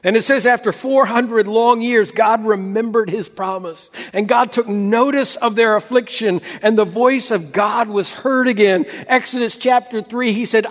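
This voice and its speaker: A man preaching a sermon as pastor, building dramatically and then dropping to a near hush. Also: high voice, unhurried, hardly any pauses, long reverb tail.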